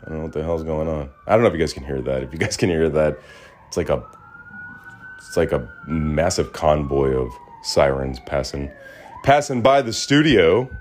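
A man hosting a podcast in a small studio, talking in an animated, ranting way that drops to low mutters. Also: moderate pace, a little hiss or hum. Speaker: podcast host. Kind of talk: casual ranting monologue.

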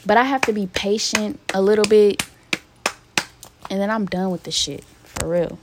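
A young woman talks straight to her listeners in a raw, profane solo podcast vent. Her voice sits at an ordinary middle pitch for a woman, and her talk is loose and conversational. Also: normal speed, background noise. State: emotionally hurt, near tears. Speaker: podcast host. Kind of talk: casual solo podcast venting.

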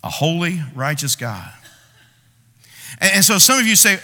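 A man preaching a sermon, acting out people's complaints to God with dramatic pauses. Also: on the high side, very animated, sharp tone. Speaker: pastor. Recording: long reverb of a large hall.

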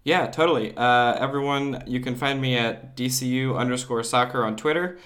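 A man's voice: medium pitch, moderate pace, a bit bright. A man guest on a podcast, playful and teasing in casual chat.

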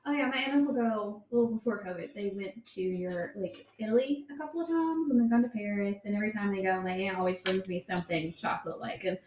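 A woman's voice: mid-range voice, fast talker, few pauses, a little mellow, slight background noise. A young woman co-hosting a podcast in casual chat, rambling with many ums and giggles. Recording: roomy sound with faint ambience.

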